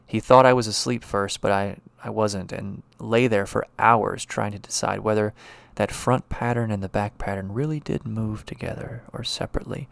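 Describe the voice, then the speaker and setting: A man reads the first-person voice of a confined, anxious young wife from a classic story. He keeps it hesitant and subdued, in a low, gravelly register. The recording is dry and close. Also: steady tone, normal speed, no echo.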